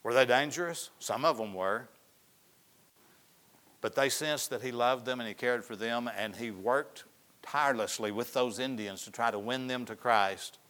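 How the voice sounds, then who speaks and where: Man, sermon, bright voice, folksy storytelling, soft hushed stretches. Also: mid-range voice, normal speed. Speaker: pastor.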